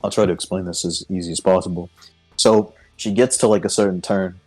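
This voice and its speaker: A man with a very low voice rambles through a long, loose anecdote on a podcast. He swears freely and keeps breaking into laughter as he tells it, with faint music just audible behind him. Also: steady tone, brisk, a little mellow, husky. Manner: profane, laughing through his story. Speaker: podcast co-host. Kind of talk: casual storytelling chat.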